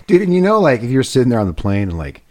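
A man's voice: mid-range voice, huge pitch swings, rapid-fire, a little mellow. A man hosting a comedy podcast, swearing freely, laughing often and reading news with mock gravity. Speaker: podcast host. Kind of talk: crude comedic commentary.

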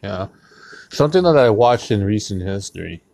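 A man's voice: lowish voice, lively intonation, moderate pace, creaky, darkish tone, no room sound. A man hosting his own podcast, rambling casually with lots of swearing and jokes. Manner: profane, rambling, joking, drinking beer on mic. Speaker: podcast host.

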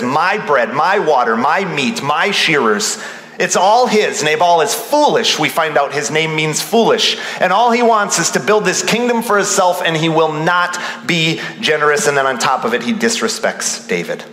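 A male pastor preaching an animated sermon, acting out the voices of the people he quotes. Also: a little high, normal speed, hardly any pauses. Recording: roomy hall reverb.

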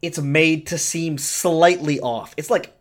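A man's voice: on the high side, slow. A young man in casual chat, rambling with lots of fillers and swearing.

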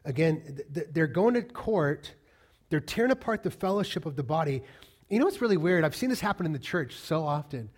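High-voiced emphatic male preacher. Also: sing-song, brisk. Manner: emphatic preacher, repeats key lines, asks the congregation questions. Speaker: pastor. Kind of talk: sermon.

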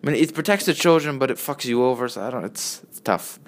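A man's voice: mid-range voice, lively intonation, quick pace, noisy background. A man in his early twenties giving a rambling, profane solo monologue as a vlogger, often interrupting himself. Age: early 20s. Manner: profane, meandering, self-interrupting.

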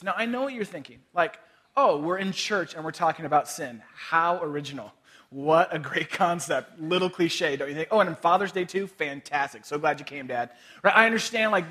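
A man in his thirties, a pastor giving a sermon in a conversational storytelling way, with quick laughs and voiced asides. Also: sits high, fairly bright tone.

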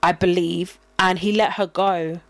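A woman's voice: lowish voice, steady tone, unhurried, no room sound. Woman rambling thru a story, keeps restarting, dead dry sound. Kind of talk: casual chat.

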